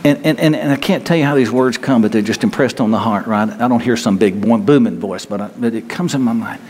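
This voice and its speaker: A man preaching a sermon in a conversational, halting way, often restarting his sentences. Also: mid-range voice, darkish tone, long reverb tail, slight background noise.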